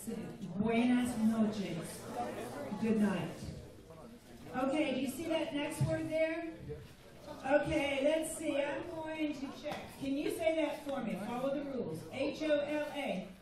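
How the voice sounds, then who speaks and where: A woman's voice: sits high, slow pace, far from the mic. A woman teaching a room of students simple Spanish phrases, patiently repeating each one for them to echo. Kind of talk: classroom phrase lesson. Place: school room with a crowd of students. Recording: echoey room recorded from afar with crowd.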